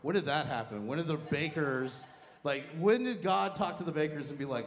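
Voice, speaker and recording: A man's voice: expressive, brisk. A man performing a stand-up comedy set with a campy, sassy delivery. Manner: campy, sassy punchlines with high squealing voices for quoted lines. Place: comedy club stage. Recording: echoey club with audience noise. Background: audience laughter.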